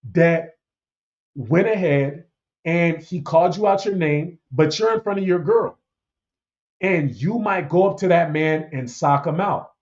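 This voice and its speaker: Preachy man with a higher voice, lo-fi. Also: darkish tone. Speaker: podcast host. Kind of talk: opinionated casual commentary.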